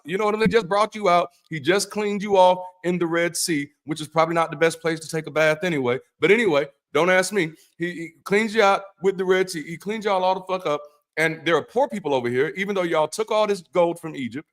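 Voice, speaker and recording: A middle-aged man hosting an irreverent Bible commentary as an ex-pastor, talking in a profane, animated way that swings from mock-preacher solemnity to incredulous outbursts. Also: high-pitched. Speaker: ex-pastor host.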